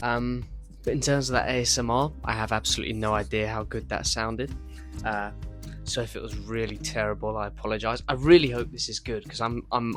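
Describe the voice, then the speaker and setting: A man's voice: on the low side, a bit bright. A man who hosts his own channel, talking casually through his opal cutting in a home workshop and explaining each step with a self-deprecating, chatty manner. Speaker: opal cutter and channel host.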